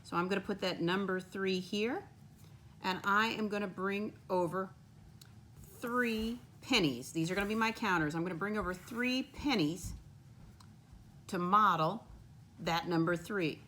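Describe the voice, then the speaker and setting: A woman teaching young children from her home, speaking slowly in a patient sing-song that coaxes them along. Her voice is a little off the mic in an echoey room. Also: mid-range voice, sharp tone, far from the mic, a little hiss or hum. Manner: slow, sing-song, encouraging, addresses kids as "my friends". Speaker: first grade teacher. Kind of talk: remote lesson for young children.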